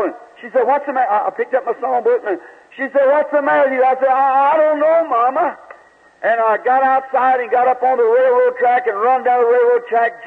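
High-pitched preacher on tinny old tape. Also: male voice. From United States. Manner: folksy storytelling, stammering repeats, quick rises and laughs. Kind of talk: sermon.

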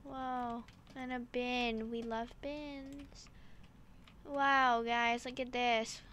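A woman hosting casual gameplay commentary, excitable and full of exclamations as she talks to her viewers. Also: on the high side, very slow, slight background noise. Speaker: gaming channel host.

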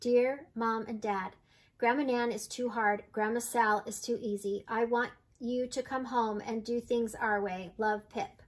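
A small, polite young boy speaks plainly in a light, high voice, as an older woman reading a storybook puts him on. He is mild and well-mannered. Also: steady tone, a little slow, natural voice.

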